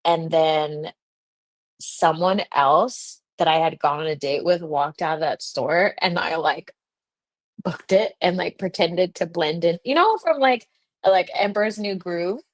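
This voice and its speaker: Speaking a little slowly in a lowish voice, a young woman hosts a livestream and casually tells a story. There's no room sound; she laughs often, giggles, and says "like" a lot.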